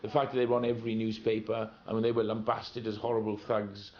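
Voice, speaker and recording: A man's voice: on the low side, level tone, fast, highs cut off, slight background noise. A man with a Welsh accent, reminiscing casually in an interview, telling anecdotes with stumbles and repeats. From Wales.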